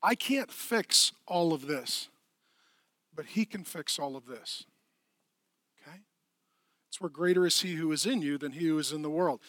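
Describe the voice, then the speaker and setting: Middle-aged preacher guy, dry close mic, swings from quiet to yelling, joking around. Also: on the high side, measured pace, pauses often, dry recording. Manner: swings from hushed to shouting, playful. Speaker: pastor. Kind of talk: energetic comedic sermon. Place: church.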